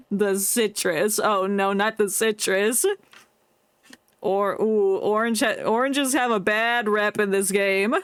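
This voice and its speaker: A woman's voice: medium pitch, fairly bright tone, clean tone, dry recording, studio quality. A woman streaming a game, chatting and reacting playfully with frequent giggles. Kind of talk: casual game commentary.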